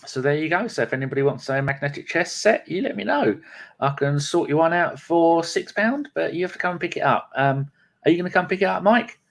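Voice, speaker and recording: A man's voice: fairly high pitch, animated, fairly quick, creaky. A man, co-hosting a podcast and telling a long story as a sweary, ranting monologue. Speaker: podcast co-host.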